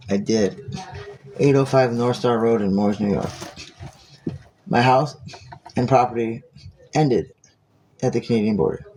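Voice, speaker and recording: A man's voice: mid-range voice, vocal fry, mellow, slight background noise. A man talking in a casual, rambling monologue, joking, digressive and profane.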